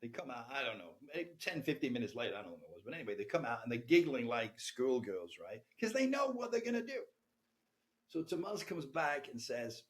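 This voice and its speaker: A man recounts a candid personal story on a podcast. His pitch moves a lot and he talks with animation. He keeps tagging his sentences with "right?". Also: big pitch swings, fairly quick. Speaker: podcast guest.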